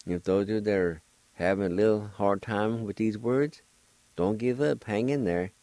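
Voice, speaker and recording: A man from Oklahoma teaches a slow language lesson, patiently and encouragingly spelling and pronouncing words syllable by syllable. His lowish voice is warm, his pace moderate, and the poor-quality audio has no echo.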